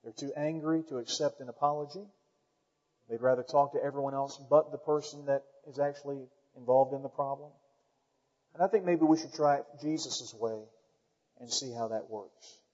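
A man's voice: medium pitch, normal speed. Man preaching in a reverberant church. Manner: emphatic preaching with rising, loud emphasis; calls out to the congregation. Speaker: pastor. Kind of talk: sermon. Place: church sanctuary. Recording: dull lo-fi sound with long hall reverb.

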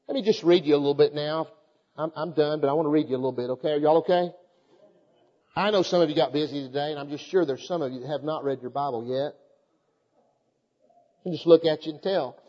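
An older man preaching a fervent sermon to a congregation, calling out to them and reading scripture aloud in a measured cadence. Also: a little high, dark tone. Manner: fervent, exhorting preaching with rhetorical calls to the congregation. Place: church hall before a congregation. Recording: echoey hall, dull lo-fi sound.

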